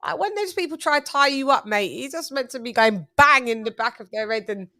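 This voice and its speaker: A woman's voice: sits high, expressive, brisk, sharp tone, no room sound, clean studio sound. A woman hosting a casual boxing watch-along, blunt and profane. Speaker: channel host.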